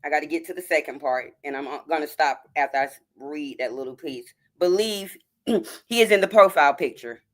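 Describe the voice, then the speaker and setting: Low-voiced woman hosting a livestream. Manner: halting reading, frequent throat clearing and restarts. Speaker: livestream host. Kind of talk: reading a post aloud on a livestream.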